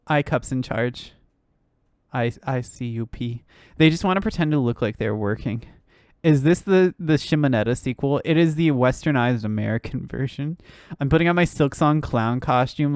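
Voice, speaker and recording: This woman streamer and news commentator has a deep, slightly mellow voice, captured in a dry recording. In casual live-stream reaction commentary, she rants, swears and laughs, with plenty of fillers.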